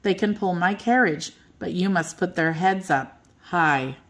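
A woman's voice: fairly low pitch, a little slow, close to an everyday voice. A woman doing a haughty, snappish noblewoman.

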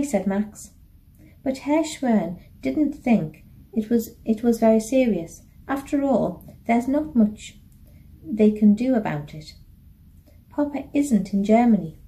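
Mellow-voiced woman reading a children's book. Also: fairly high pitch, lively intonation, slow. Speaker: primary school teacher. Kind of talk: reading a children's novel aloud.

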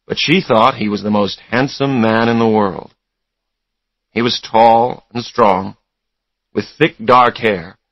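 A male narrator reads a story aloud for English learners, taking it slowly and clearly. His voice is somewhat low, and the recording is dry and close. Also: dry recording, highs cut off. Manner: slow, clear reading.

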